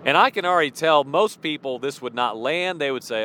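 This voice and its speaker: A man's voice: on the high side, expressive, a little fast, pushed and bright. A man preaching an informal sermon in a conversational way, asking rhetorical questions and acting out imagined voices, recorded outdoors near traffic.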